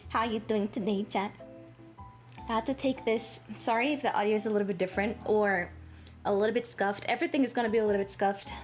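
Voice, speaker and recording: A woman's voice: medium pitch, steady tone, fast, soft background music. A woman from Latin America streaming from her apartment with a sore throat, chatting casually and animatedly with her chat and swearing freely. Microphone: travel microphone.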